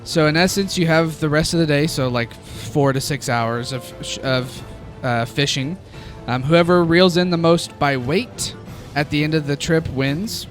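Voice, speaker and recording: Relaxed game master over music. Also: male voice, on the high side, a little slow, hardly any pauses. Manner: casual, laughing often, relaxed narration. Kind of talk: narrating a tabletop game. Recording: background music.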